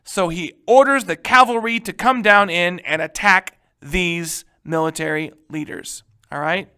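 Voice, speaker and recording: A male history teacher giving a casual, animated lecture, joking and checking in with his students. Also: high-pitched, unhurried, clean tone. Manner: animated, joking, keeps asking "right?".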